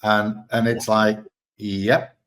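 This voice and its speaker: A man with a very low voice and an Australian accent, talking casually as a guest. He tells his stories in a relaxed, candid way and swears now and then. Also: takes it slowly. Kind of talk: casual storytelling chat.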